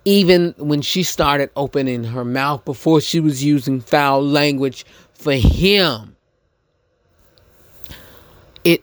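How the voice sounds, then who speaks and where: A man hosting a podcast, giving a casual commentary monologue, halting and repeating himself with many fillers. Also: medium pitch, no echo. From United States. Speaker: podcast host.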